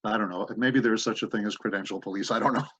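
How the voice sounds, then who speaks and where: A man's voice: on the low side, steady tone, fast talker, fairly bright tone, husky. A man voice actor in an interview, telling rambling anecdotes full of asides. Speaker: voice actor guest. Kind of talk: interview conversation. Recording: dull dry lo-fi audio.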